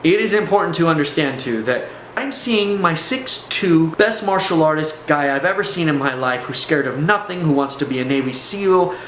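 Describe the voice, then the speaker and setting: A man's voice: fairly high pitch, expressive, moderate pace, few pauses, fairly bright tone. A man telling a personal story in a casual, rambling way, with fillers and restarts. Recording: echoey room, faint background noise.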